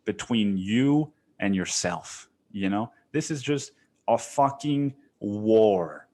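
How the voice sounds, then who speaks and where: A man's voice: on the low side, animated, slow pace, warm tone. A man hosting a solo podcast, talking casually in a rambling, profane way full of fillers and restarts. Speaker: podcast host.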